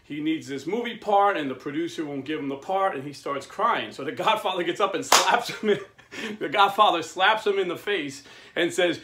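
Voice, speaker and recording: A plain-spoken man in his fifties with a voice pitched a bit above the usual for men. He preaches in a relaxed, conversational way, with the everyday phrasing of a working man. He tells his stories with lively energy and chuckles along the way. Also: moderate pace. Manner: animated storyteller, chuckles while telling stories. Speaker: Catholic men's video host. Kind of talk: casual preaching monologue.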